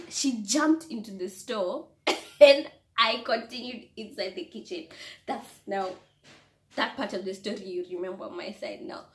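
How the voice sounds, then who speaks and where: A young woman vlogger telling a story in an animated, breathless way, laughing often and restarting her sentences. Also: a little high. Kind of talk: storytime vlog. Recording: echoey room.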